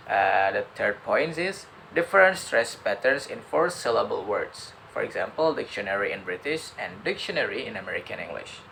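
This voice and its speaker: A young man with an Indonesian accent talks through his notes on a lecture, often stopping on fillers and restarting his sentences. His voice has a gravelly edge. A faint hiss sits under the recording. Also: mid-range voice, fairly bright tone, poor audio. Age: young adult. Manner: halting, with many fillers and restarts. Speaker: student. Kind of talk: student summary of a lecture, partly read aloud.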